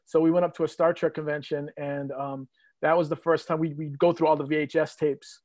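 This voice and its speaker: A man's voice: a little high, level tone, fairly quick, a little mellow, no echo. A man in his fifties from New England, reminiscing in rambling casual chat with many fillers, as a guest on a podcast. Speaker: guest, host's father or uncle.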